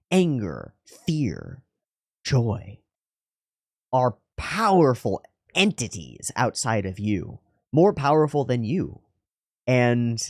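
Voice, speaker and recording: A man's voice: mid-range voice, a little mellow, breathy edge, no echo, clean studio sound. A man hosting an anime reaction video, thinking aloud in earnest, musing commentary with frequent restarts. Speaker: anime reaction channel host. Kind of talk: reflective commentary.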